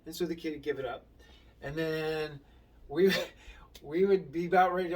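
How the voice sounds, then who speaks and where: A man's voice: fairly high pitch, moderate pace, pauses often, recorded from a distance. A middle-aged man telling casual stories about his time inside, acting out the voices of the people in them and swearing now and then. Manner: animated, acts out quotes, swears casually. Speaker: former inmate sharing his story. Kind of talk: casual storytelling monologue.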